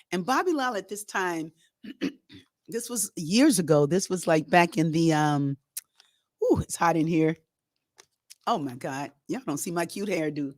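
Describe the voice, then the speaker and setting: A middle-aged woman hosting, telling a story to her online audience in a lively, chatty, rambling way. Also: deep voice, dry recording, studio quality. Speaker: host.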